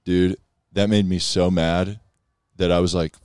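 A man's voice: deep voice, steady tone, moderate pace, a little mellow, no room sound, studio quality. A young man in casual, laid-back chat, full of slang and swearing.

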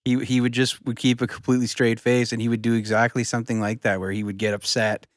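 A man's voice: medium pitch, flat delivery, quick pace, dry recording, clean studio sound. A man co-hosting a podcast, cracking jokes and rambling through explanations in casual chat. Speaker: podcast co-host. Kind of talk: casual chat among friends.

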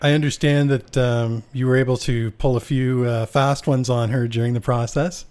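A man in a mid-range voice puts prepared questions to a guest in a measured, steady way. His reactions stay short. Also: medium pitch. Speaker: interviewer. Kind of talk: interview questions.

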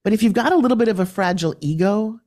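A woman from New York, a podcast guest, telling her story in an animated and forthright way. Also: medium pitch, racing.

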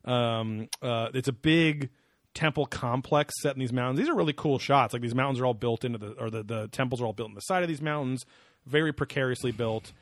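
Male podcast host, mid-pitched, loose and profane, dry close sound. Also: brisk, no echo. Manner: rambling, profane, laughs often. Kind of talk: casual banter.

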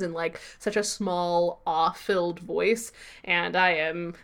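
A woman co-hosting a podcast, casually recapping a TV episode with lots of fillers and quick asides. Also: on the low side, flat delivery, a bit bright, clean tone. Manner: chatty recap with frequent fillers and laughs. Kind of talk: casual chat.

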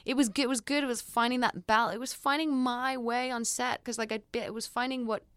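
Young Australian woman, smooth voice, chatty. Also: fairly high pitch, steady tone, brisk, a bit bright, dry recording, studio quality. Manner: chatty, many "like" fillers and restarts. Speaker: guest actress. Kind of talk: casual interview chat.

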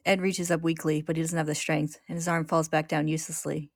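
A woman hosting, narrating a story recap in a steady, descriptive way. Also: low-pitched, fairly quick, creaky, no room sound, clean studio sound.

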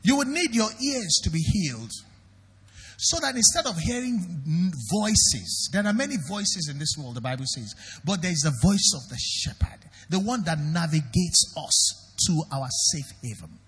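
A man's voice: high voice, big pitch swings, moderate pace, fairly bright tone, slightly rough, big-room sound. A Nigerian man preaching a sermon as pastor, emphatic and questioning the congregation directly.

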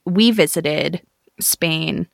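A young woman from New Mexico co-hosting a podcast in casual chat, relaxed and candid with light laughs. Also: sits low, very slow, vocal fry, dry recording, studio quality. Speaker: podcast co-host.

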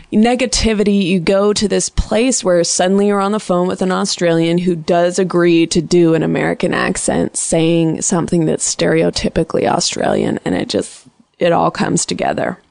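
A woman hosting a call-in radio show, quick and jokey, saying she is a bit sick. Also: mid-range voice, gravelly, no echo, studio quality. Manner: fast, bubbly and joking, with frequent laughs. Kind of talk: casual call-in chat.

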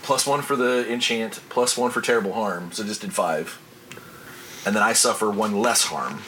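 A man's voice: fairly low pitch, normal speed, a bit bright, a little hiss or hum, rough recording. A man playing a tabletop game, joking and thinking aloud while working out his roll. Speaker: player. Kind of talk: casual chat at a tabletop game.

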